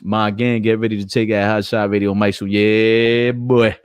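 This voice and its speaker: Man, live stream host, profane, joking, slightly low voice, dry close mic. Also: flat delivery, normal speed, clear, resonant tone, no echo. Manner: brash, profane, joking, talks to chat. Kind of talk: casual live stream chat.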